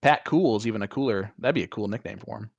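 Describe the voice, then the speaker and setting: A man's voice: fairly low pitch, fast, gravelly, breathy edge, no echo, highs cut off. Midwestern man, darts color commentator, chatty and joking, dry close mic. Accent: Midwestern American. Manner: chatty, joking, uses playful comparisons. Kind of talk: live sports commentary.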